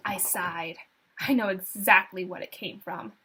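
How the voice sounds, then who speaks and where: A woman's voice: on the low side, steady tone, pushed and bright, slight background noise. A woman narrating a story in a dramatic reading voice, recorded on a laptop microphone. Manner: slow, breathy, dramatic narration. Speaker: story reader. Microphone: laptop built-in mic.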